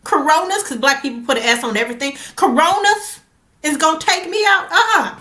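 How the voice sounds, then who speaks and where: A woman hosting a comedy night, telling a loose stand-up bit. Her voice sits high and bright. It swings through a wide, lively pitch range. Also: fairly quick, reverberant. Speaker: comedy show host. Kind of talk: stand-up comedy set and emcee banter.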